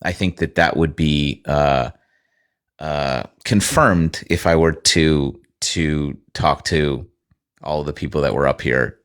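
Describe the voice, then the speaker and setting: A man with a very low voice hosts a live stream discussion. He talks slowly, with many restarts and fillers as he hunts for the right words. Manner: halting, searching for words.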